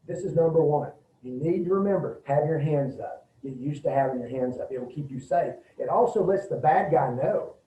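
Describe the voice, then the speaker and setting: Middle-aged man, folksy instructor, mellow voice, recorded from a distance in a roomy space. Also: fairly high pitch. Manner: folksy, demonstrative, acts out quick quoted bits. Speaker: martial arts instructor. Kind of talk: casual safety talk to an audience. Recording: roomy, distant, dull lo-fi sound.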